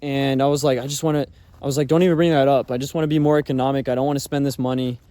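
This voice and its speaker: A man with a medium-pitched, mellow voice races through a personal story in a level tone, and the recording has no room sound. His telling is casual and rambling, packed with fillers and frequent swearing.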